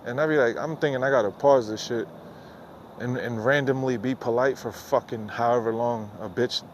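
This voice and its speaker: A man's voice: mid-range voice, fairly even intonation, normal speed, a little hiss or hum. A man hosting a podcast, delivering an unfiltered late-night rant outdoors into a phone headset, rambling, profane and exasperated. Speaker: podcast host. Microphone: phone with headphones.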